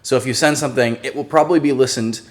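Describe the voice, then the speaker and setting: Man, live stream host, casual chat, laughs a lot, mid pitch. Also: rapid-fire. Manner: chatty, laughs often, jokey.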